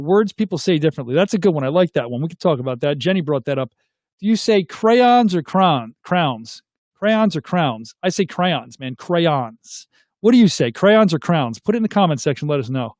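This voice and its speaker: High-voiced Philly-man chatting live. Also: a little mellow, dry recording, clean studio sound. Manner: chatty, reads comments aloud and asks viewers to weigh in. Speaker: livestream host reading viewer comments. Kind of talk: casual live chat.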